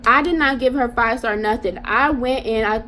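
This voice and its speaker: Animated young woman telling a story. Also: a little high, normal speed, slight background noise. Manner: animated, slangy storytelling, addresses viewers. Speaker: vlogger. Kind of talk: casual storytime monologue.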